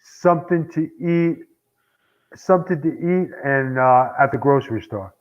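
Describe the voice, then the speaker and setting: A New man speaks as an interview guest, easygoing and a bit hesitant as he guesses. His voice sits at a middle pitch for a man. It comes through a dull, lo-fi call line. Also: unhurried. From New York. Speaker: guest, former wrestler. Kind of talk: casual interview.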